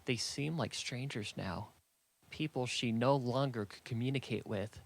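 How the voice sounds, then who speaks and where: A man narrating a fantasy audiobook in a steady, measured storytelling manner. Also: mid-range voice, vocal fry.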